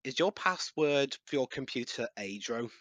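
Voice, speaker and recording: A man's voice: mid-range voice, lively intonation, moderate pace, fairly bright tone, dry recording. A man joking and laughing through a casual movie commentary with friends. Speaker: commentary group member.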